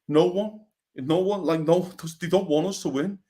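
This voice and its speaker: A man's voice: sits high, normal speed, warm tone. A man from Liverpool with a Scouse accent, co-hosting a casual football chat and talking passionately, with swearing along the way. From Liverpool, England. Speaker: podcast co-host.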